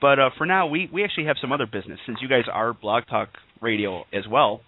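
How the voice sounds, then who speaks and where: A man's voice: medium pitch, fast. Laughing man on a phone line. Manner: joking, laughs often. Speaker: podcast host. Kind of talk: casual radio chat. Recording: tinny phone line, dry.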